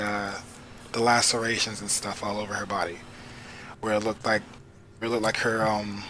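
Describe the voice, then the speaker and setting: A man on a movie podcast panel, talking casually in a halting way with repeated words. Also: on the low side, sharp tone, a little hiss or hum. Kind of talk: casual chat.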